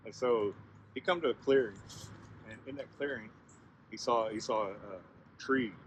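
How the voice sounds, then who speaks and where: Man, storyteller, folk tale, conversational, chatty asides, medium pitch. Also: normal speed, background noise. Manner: conversational, frequent asides to listeners. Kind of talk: spoken folk tale, casual.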